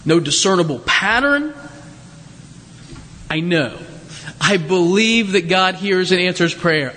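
A man pastor with a northern American accent, preaching a conversational, self-deprecating sermon whose pitch swings up on questions. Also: a bit bright. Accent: northern American, Yankee. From northern United States. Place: church sanctuary. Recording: church sanctuary with long reverb.

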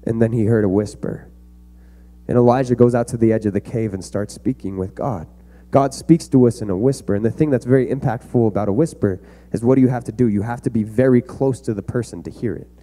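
A man's voice: medium pitch, brisk, dark tone. A young man giving an earnest, conversational youth sermon to a room of kids. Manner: earnest, conversational preaching with fillers. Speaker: youth pastor.

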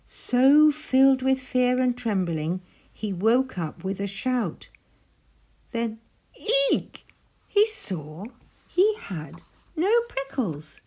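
A woman reading a rhyming picture book aloud. Her voice is breathy and very slow, rising and falling in lively swoops and sinking to a hushed near-whisper. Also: on the high side. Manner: gentle, often dropping to a hushed near-whisper. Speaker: storyteller.

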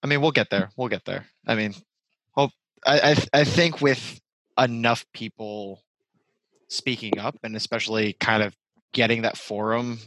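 A man from New Jersey chats casually as a guest, sounding hesitant and stacking up filler words. His voice is lowish and a bit bright, on a rough recording with no echo.

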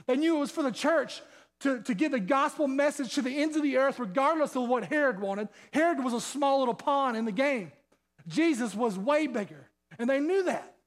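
A man's voice: very high-pitched, animated, moderate pace. A male pastor preaching a sermon, fired up, firing off rhetorical questions and repeating himself. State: sweating.

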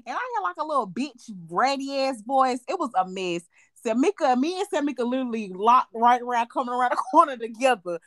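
A woman co-hosting a podcast, telling stories in casual chat, animated, profane and quick to laugh. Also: sits high, no room sound. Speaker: podcast co-host.

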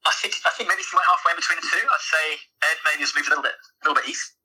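A man on a comedic podcast, giving dry, measured critique. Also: fairly high pitch, bright, forceful tone, breathy edge, rough recording.

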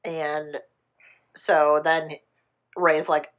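Woman, casual chat, rambling and animated, slips into character voices, swears, dull lo-fi sound. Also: fairly low pitch, measured pace. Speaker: podcast co-host retelling a film.

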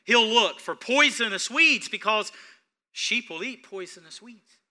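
A male pastor preaching a sermon, speaking straight to his congregation and swinging between hushed, tender passages and loud, rising ones. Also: sits high, animated, unhurried. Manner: repetitive, direct address to congregation.

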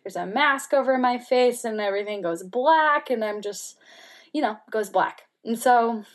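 A woman speaking as an interview guest, telling a personal story candidly with many "like" fillers and softening at times to a near-whisper. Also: on the high side, moderate pace. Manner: candid, heavy use of "like" fillers; emotional, drops to soft near-whispers.

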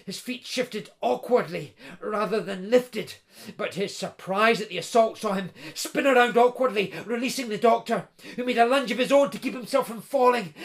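A man's voice: sits high, vocal fry. A man narrating a thriller audiobook with vivid, dramatic storytelling that builds tension through action scenes.

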